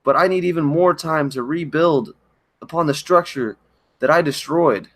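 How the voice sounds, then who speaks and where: Man in a halting, emotional confession. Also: a little high. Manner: halting, emotional, frequent restarts. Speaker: channel host. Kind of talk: confessional livestream monologue. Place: at home by a kitchen counter.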